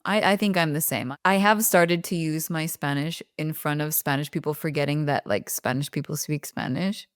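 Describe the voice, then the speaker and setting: A woman's voice: sits low, moderate pace, no room sound, studio quality. A woman from the United States co-hosting a podcast in casual chat, laughing often and peppering her speech with "like.". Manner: chatty, laughs often, lots of "like". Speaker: podcast co-host.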